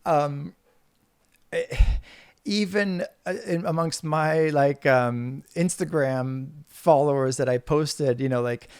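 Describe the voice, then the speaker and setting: A middle-aged man hosting a podcast, talking in a rambling, animated storytelling way in casual conversation. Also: on the high side, slow, smooth, no room sound, clean studio sound. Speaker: podcast host.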